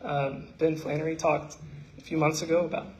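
A man's voice: fairly high pitch, little pitch movement, slight background noise, poor audio. Earnest man reciting scripture from memory. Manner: halting, with fillers and restarts, rising when reciting. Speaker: church speaker. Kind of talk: devotional talk reciting scripture.

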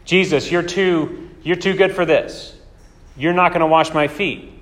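An impulsive male disciple protests with emphatic indignation, as a preacher acts him out. His voice sits a bit high for a man and rings out in a reverberant hall. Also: fairly even intonation, unhurried, a bit bright. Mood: protesting.

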